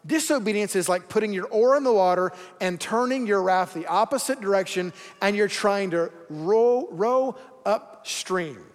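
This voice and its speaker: A man's voice: high-pitched, moderate pace. A man preaching a sermon in a casual, joking way, acting out quoted voices as he goes. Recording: long hall reverb.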